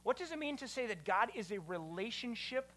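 Man, pastor, teaching sermon, bright tone, animated, quizzes the crowd. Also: high-pitched, brisk, a little hiss or hum.

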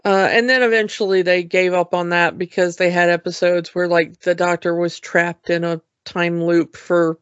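A podcast co-host in casual chat, relaxed and easygoing, who peppers every thought with "you know". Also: medium pitch, normal speed, hardly any pauses, clean tone, no echo. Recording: dull lo-fi sound.

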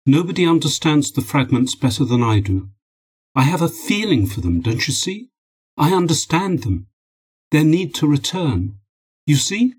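A man's voice: mid-range voice, big pitch swings, normal speed, breathy edge, pitched above the performer's own voice. A man reading a desperate, obsessed male scientist in a storybook, pleading and insistent, with a raised voice.

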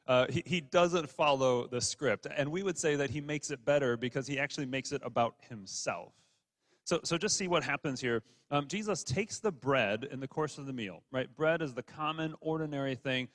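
A man's voice: mid-range voice, normal speed, a bit bright. Man preaching in a reverberant hall. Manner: conversational, with many repeated words and restarts. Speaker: pastor. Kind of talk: sermon.

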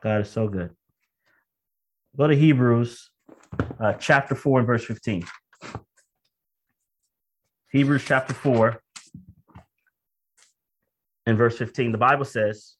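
An expressive man preaches a conversational sermon built around a personal story, shifting between quick asides and slow, emphatic phrases. When he relives strong feelings, his voice rises into loud, high-pitched outbursts.

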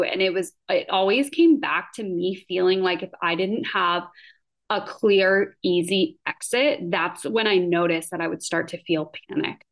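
A woman's voice: on the low side, moderate pace, creaky. A woman in her thirties telling a personal story in a casual vlog, chatty and full of fillers. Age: 30s. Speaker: vlogger.

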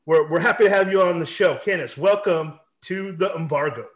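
A man in his forties hosting a casual podcast, telling a long rambling story with animated asides. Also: fairly high pitch, a little fast. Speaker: podcast host.

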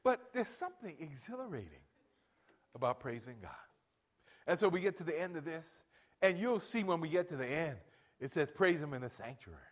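A man in his late sixties preaching a sermon, telling family stories and directing the band and congregation, his voice rising loud for emphasis. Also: fairly high pitch, very animated, moderate pace, pauses often. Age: 60s. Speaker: pastor.

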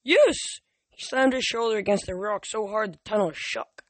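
A man reads a novel aloud for an amateur audiobook, stumbling frequently and starting words over. His high voice moves fairly quickly, and the recording is dry.

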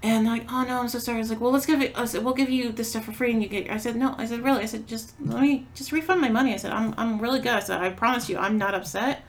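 A woman's voice: fairly high pitch, fairly even intonation, rapid-fire, hardly any pauses. A woman co-hosting a podcast, telling a story in casual chat, acting out quotes and swearing freely. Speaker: podcast co-host.

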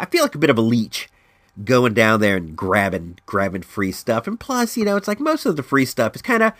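With a slightly bright voice and no room sound, a man hosts his casual solo podcast from home in California, his nose stuffed up by allergies. He rambles and repeats words, his voice swinging high and low.

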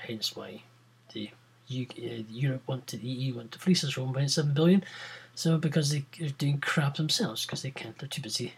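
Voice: medium pitch, a little fast, slightly rough, low-quality recording. A podcast host chatting alone in a rambling, giggly way that trails off and restarts. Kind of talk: casual solo podcast chat.

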